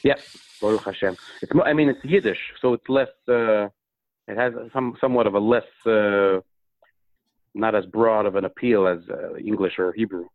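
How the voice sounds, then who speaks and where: Low-voiced man on a tinny phone line. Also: dry recording. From Minnesota, USA. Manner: halting, with many "uh" pauses. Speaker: singer, interview guest. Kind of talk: casual phone interview.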